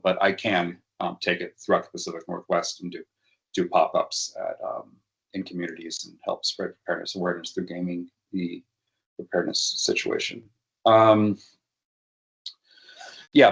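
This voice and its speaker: A man giving a workshop presentation, talking hesitantly with frequent fillers and restarts. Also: sits low. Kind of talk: educational workshop talk.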